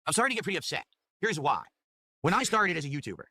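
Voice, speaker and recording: Rapid-fire, sharp-voiced man in his forties. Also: fairly high pitch, very animated, a little hiss or hum. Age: 40s. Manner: rapid, profane, defensive rants. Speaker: streamer. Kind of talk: livestream talk answering viewer tips. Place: home streaming setup. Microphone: desk microphone.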